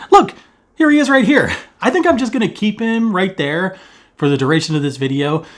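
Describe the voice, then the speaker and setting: A man hosting a casual vlog at home, joking and talking fast in a theatrical, self-mocking way. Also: mid-range voice, a bit bright. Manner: hammy, playful, fast-talking. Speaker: cross-stitch vlogger host. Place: at home, indoors. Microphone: camera facing him while seated.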